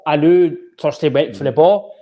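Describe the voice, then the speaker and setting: A Scottish man with a voice pitched a bit above the usual for a man, co-hosting a casual football podcast. He talks emphatically, repeats and restarts his phrases, and keeps throwing in "mate". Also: moderate pace, dark tone. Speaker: podcast co-host.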